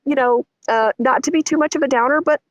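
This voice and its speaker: A middle-aged woman, telling a story as a guest in an interview, animated and vivid. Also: fast talker, no echo. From Texas. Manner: animated, vivid storytelling with lots of pitch swings.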